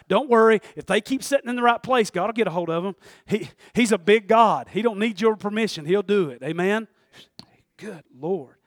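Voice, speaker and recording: Male pastor, high voice, folksy and animated, dry close sound. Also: fairly quick, dry recording. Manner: folksy, animated, swings between loud and hushed. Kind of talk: sermon.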